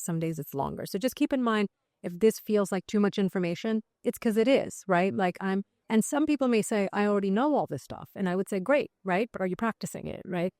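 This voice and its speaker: A woman's voice: medium pitch, darkish tone, no room sound, studio quality. A middle-aged woman psychiatrist talking as a podcast guest, telling stories with many fillers and acting out the thoughts she quotes. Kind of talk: conversational interview.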